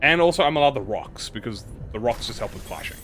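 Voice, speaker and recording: Chatty young male game streamer, lively pitch. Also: fast. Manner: rambling, self-mocking, talks to chat. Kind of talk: casual gameplay commentary to chat. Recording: game music behind voice. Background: game music.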